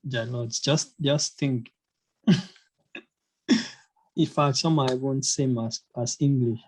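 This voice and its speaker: A man's voice: medium pitch, fairly even intonation, slow pace, a little hiss or hum, poor audio. A man teaching a casual online language lesson, hesitant, with many fillers and restarts. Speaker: German teacher.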